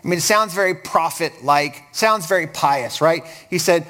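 A man's voice: on the high side, moderate pace, few pauses, pushed and bright. A male pastor preaching a sermon, emphatic, asking his listeners question after question.

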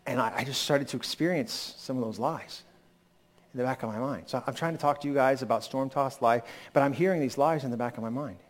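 Recovering from a lingering cold, a pastor preaches in a frank, conversational way, his mid-range voice a little fast and punctuated by sudden emphatic rises.

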